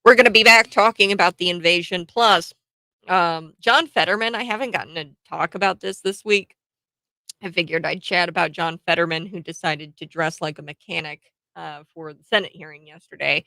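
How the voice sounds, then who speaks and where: A woman's voice: lowish voice, normal speed, pushed and bright, no echo. A woman, hosting casual political commentary in a blunt, sarcastic way, laughing between points.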